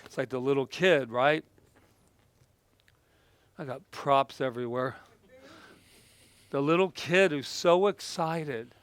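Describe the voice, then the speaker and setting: A man giving a lively motivational talk with props, playful and laughing often, breaking into sudden exclamations. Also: mid-range voice, slow, pauses often, smooth.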